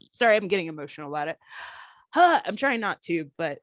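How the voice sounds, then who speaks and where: A woman's voice: fairly low pitch, fairly quick, no echo. A woman in her thirties, a guest on an interview podcast, telling her story candidly and emotionally, acting out what others said. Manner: emotional, candid, quotes others in lively voices. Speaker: guest, former pro wrestler.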